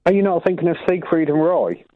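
A man's voice: a little high, lively intonation, fairly quick, no echo, narrow, tinny audio. A man with a northern English accent chatting easily as a radio co-host. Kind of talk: casual radio chat.

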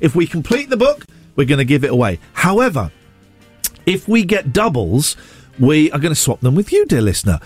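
A man's voice: on the high side, very animated, fairly quick, slightly rough, faint music behind. A man presenting a morning radio show, playful and upbeat, with sing-song asides. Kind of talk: lively morning radio chat. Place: radio studio. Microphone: studio microphone.

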